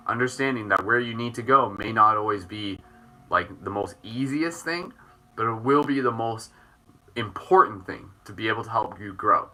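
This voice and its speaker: A man leading a guided chakra meditation as host, gentle and jokey, with playful dad-joke asides. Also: medium pitch.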